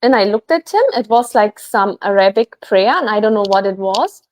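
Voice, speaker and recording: A woman guest, a healer, telling a personal story in a chatty, animated way, full of fillers. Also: mid-range voice, moderate pace, dry recording. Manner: animated, chatty, many fillers like "like" and "you know". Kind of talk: casual storytelling.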